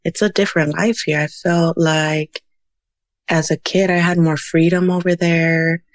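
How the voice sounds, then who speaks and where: A woman's voice: on the low side, flat delivery, a little slow, no echo. A woman in her thirties from Houston, chatting casually as a podcast guest, telling stories with many "you know"s and Spanish words sprinkled in. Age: 30s. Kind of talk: casual storytelling interview.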